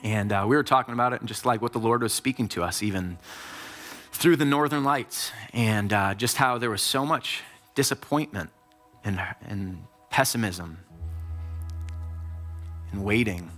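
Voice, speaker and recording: A man's voice: lowish voice, moderate pace, long pauses, fairly bright tone, faint music behind. A man preaching a sermon, telling a personal story in a casual, conversational way with lots of filler words.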